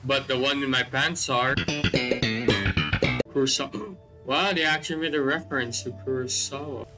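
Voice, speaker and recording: A man giving excitable let's-play commentary, swearing constantly and joking about the characters on screen. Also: mid-range voice, poor audio. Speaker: gameplay commentator.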